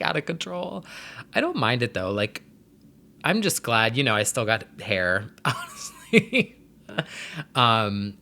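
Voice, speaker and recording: A man's voice: mid-range voice, bright, forceful tone. A man vlogging in a casual chat, rambling in a stream-of-consciousness way with frequent "um"s, "like"s and laughs.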